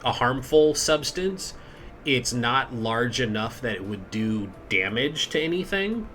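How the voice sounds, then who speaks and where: A woman's voice: a bass voice, lively intonation, a little slow, a bit bright, slight background noise. A sleep-deprived woman chatting casually as a tabletop game player, telling a rambling story. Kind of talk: casual chat.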